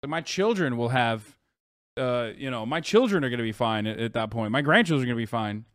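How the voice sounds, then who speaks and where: In a clean studio recording with no room sound, a man in his thirties comments on a video during a live stream. His medium-pitched voice is animated, a bit bright, and a little fast as he reads chat aloud and rants with heavy swearing.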